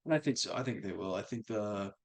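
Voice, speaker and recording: Man co-host, laid-back, agreeable, drifts quieter at the ends of thoughts. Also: lowish voice, expressive, quick pace, creaky. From Minnesota. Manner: easygoing, agreeable, trails off quietly. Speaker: podcast co-host. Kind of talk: casual chat.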